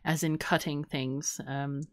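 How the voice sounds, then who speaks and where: A woman's voice: low voice, little pitch movement, slow, no room sound, clean studio sound. A woman hosting a casual podcast chat, playful and laughing often. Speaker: podcast host.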